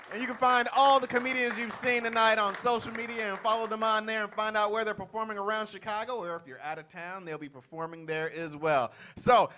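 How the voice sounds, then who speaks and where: A man's voice: sits high, bright, forceful tone. A male emcee on a comedy club stage, hyping the audience and introducing the next act. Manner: hyping the crowd. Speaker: show host, emcee.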